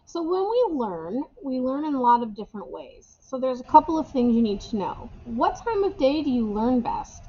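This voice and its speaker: A woman's voice: high-pitched, sing-song, normal speed, hardly any pauses, mellow, a little hiss or hum. Chatty woman teacher, muffled lo-fi sound. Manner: casual, chatty, repeats key phrases. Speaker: English teacher. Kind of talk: recorded class instructions for remote students. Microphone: webcam or camera microphone.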